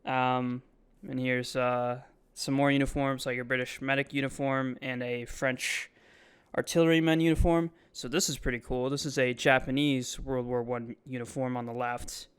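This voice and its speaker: A man's voice: mid-range voice, level tone, moderate pace, clear, resonant tone. A man giving casual, rambling voice-over commentary on his own video, full of ums and likes. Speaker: vlogger. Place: voice-over, not recorded in the museum.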